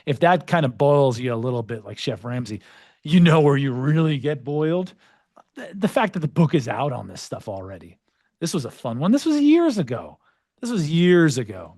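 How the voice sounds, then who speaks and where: A man hosting a podcast and presenting with an energetic, joking delivery, full of playful, self-mocking asides. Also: mid-range voice, dry recording, studio quality. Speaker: podcast host.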